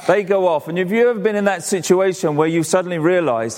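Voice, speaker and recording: A high-voiced male pastor gives a conversational sermon, full of stories and repeated words. His voice rings in a church with a long reverb. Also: fast, darkish tone.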